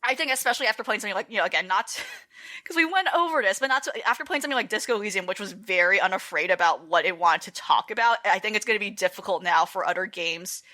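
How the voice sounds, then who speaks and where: A woman talks through her thoughts on a casual gaming podcast. She rambles and restarts, leaning on fillers and quick laughs, and her voice sounds bright. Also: medium pitch, lively intonation. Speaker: podcast co-host. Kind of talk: casual chat.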